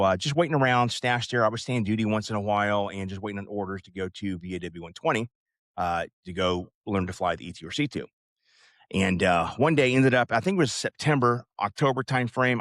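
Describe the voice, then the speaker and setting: Deep-voiced man telling an old story. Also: a bit bright, no echo, studio quality. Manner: rambling, many fillers and asides. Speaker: podcast host. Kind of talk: casual storytelling.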